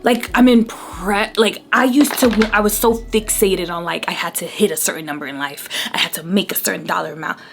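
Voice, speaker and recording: A woman's voice: on the low side, normal speed, vocal fry, few pauses, a little hiss or hum. Chatty emotional woman in her thirties. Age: 30s. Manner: chatty, rambling, easily emotional. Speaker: beauty vlogger. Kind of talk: casual chat to camera while doing makeup.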